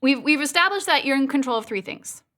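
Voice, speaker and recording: A woman's voice: high-pitched, expressive, fast, pushed and bright. A woman teaching a live online singing lesson, upbeat and playful, showing exercises with sung sounds over a video call. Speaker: vocal coach.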